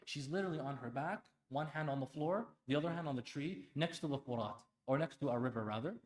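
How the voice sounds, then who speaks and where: A man's voice: a little high, fast. Impassioned male preacher in an echoey hall. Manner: impassioned, swings between hushed and loud; asks the audience pointed rhetorical questions. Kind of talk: sermon. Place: Islamic center hall.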